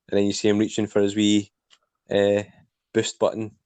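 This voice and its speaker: A man's voice: fairly low pitch, little pitch movement, normal speed, pauses often, darkish tone, no echo. A man co-hosting a casual review podcast, recapping scenes in a plain storytelling way. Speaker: podcast co-host.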